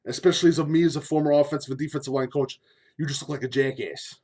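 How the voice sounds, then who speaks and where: A man who is a former high school line coach, talking bluntly and repetitively, pleading and swearing casually in an opinion monologue. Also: fairly even intonation, quick pace, darkish tone.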